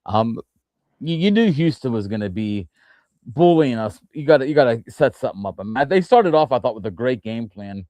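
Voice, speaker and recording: A man's voice: mid-range voice, expressive, normal speed, mellow, no room sound. A man hosting a casual sports talk show, rambling through his points with frequent restarts and fillers. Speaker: podcast host.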